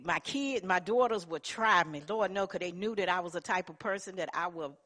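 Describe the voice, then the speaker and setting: A woman's voice: fairly low pitch, fairly bright tone. A middle-aged woman giving an earnest personal testimony in church, telling her story in plain colloquial speech.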